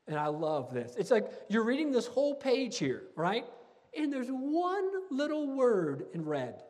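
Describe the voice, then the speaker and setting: High-voiced preaching man, reverberant hall. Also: a little slow. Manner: earnest, animated preaching with restarts. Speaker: pastor. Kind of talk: sermon reading scripture.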